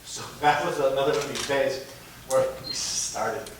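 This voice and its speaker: A man on a convention panel, telling stories in a halting, rambling way with lots of fillers and laughs, into a mic held away from his mouth. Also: mid-range voice. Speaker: actor on a fan convention panel. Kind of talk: casual panel Q&A storytelling. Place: large echoey convention hall. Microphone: handheld mic held away from the mouth. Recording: echoey hall, voice from far off, background noise.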